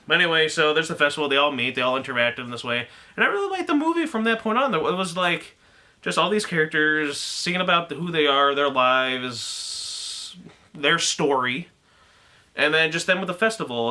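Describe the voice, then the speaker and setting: Bright-voiced man rambling through a review. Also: medium pitch. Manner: rambling, laughs often, acts out quoted lines. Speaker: anime reviewer. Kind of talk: casual spoken film review.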